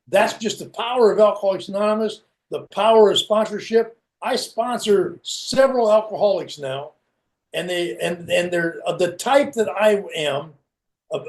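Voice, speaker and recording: A man's voice: high voice, a little mellow. A middle-aged man giving a candid, plain-spoken personal recovery share over a video call. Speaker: recovery meeting speaker.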